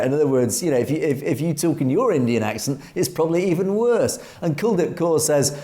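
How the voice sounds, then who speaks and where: An emphatic man with an English accent co-hosts a commentary show, reading out viewer comments and pressing his points with many restarts. His voice is mellow and warm, and it sits somewhat high for a man. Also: animated, moderate pace, hardly any pauses. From Europe. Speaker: co-host. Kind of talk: opinionated commentary discussion.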